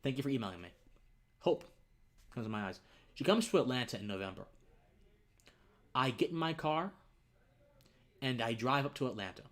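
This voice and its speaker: A man's voice: medium pitch, expressive, normal speed, pauses often, a bit bright. A young man hosting his own livestream, telling a personal story in an earnest way. He gets choked up and tearful, and his voice drops to near whispers. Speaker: livestream host.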